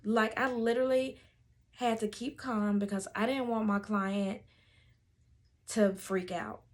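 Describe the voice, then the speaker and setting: A woman, a doula telling a story to camera in a lively way and acting out the voices of the people in it. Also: on the high side, a little slow.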